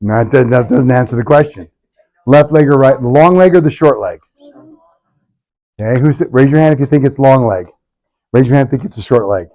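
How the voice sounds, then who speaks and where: A man's voice: medium pitch, expressive, a little fast, pauses often, warm tone. A middle-aged man, a chiropractor, leading a live workshop with punchy talk, sarcastic asides and constant rhetorical questions.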